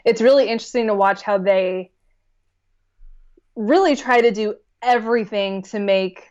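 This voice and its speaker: A woman guest on a podcast, chatting casually about a film in a relaxed way, thinking aloud as she goes. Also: medium pitch, normal speed, lo-fi sound.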